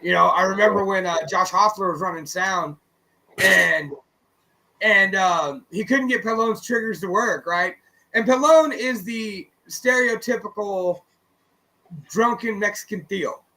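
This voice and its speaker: A man co-hosting a radio show, chatting casually and telling animated, profane stories while acting out the people in them. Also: sits high, unhurried, slight background noise, low-quality recording. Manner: animated, profane, acts out quoted voices. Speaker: co-host and musician. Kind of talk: casual radio chat, storytelling.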